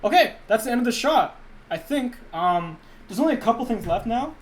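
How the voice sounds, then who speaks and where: Young male animator chatting with his stream, lively and rambling. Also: very high-pitched, fairly quick. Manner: rambling, many restarts, talks to chat. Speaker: YouTube animator and voice actor. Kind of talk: casual live-stream chat.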